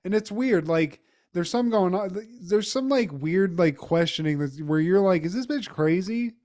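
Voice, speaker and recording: A man co-hosts a casual podcast and recaps a TV episode. His voice sits a little high. He talks in a loose, rambling way, full of fillers and swearing. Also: unhurried, a little mellow. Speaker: podcast co-host.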